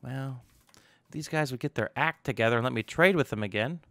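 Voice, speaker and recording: A man's voice: medium pitch, a little fast, gravelly, a bit bright, no room sound. A young man hosting a gaming channel, talking casually to himself as he plays and tossing in jokey asides. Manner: chatty, self-talking, joking asides. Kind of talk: casual gameplay commentary.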